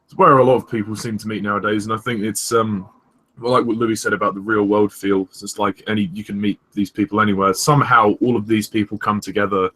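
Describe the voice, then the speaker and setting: A young man hosting a casual review chat, rambling with many pauses and restarts. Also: on the low side, little pitch movement, fairly bright tone. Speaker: host of a review discussion.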